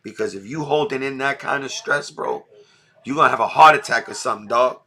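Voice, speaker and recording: Blunt and emotional, this middle-aged livestream host from New York loads his casual talk with street slang. He has a mid-range, sharp-toned voice and talks fairly quickly.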